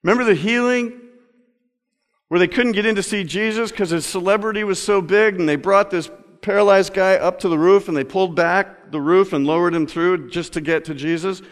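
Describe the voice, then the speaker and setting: A male pastor delivering a sermon, moving between loud emphatic stretches and slow, quiet reading. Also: high voice. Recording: long reverb of a large hall.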